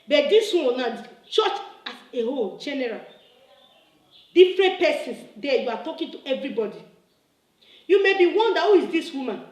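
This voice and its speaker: A woman's voice: high-pitched, big pitch swings, normal speed, darkish tone, roomy sound, poor audio. A woman, delivering an impassioned, scolding video reply that repeats its points and builds to emphatic bursts. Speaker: church member making a video reply. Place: her room, indoors.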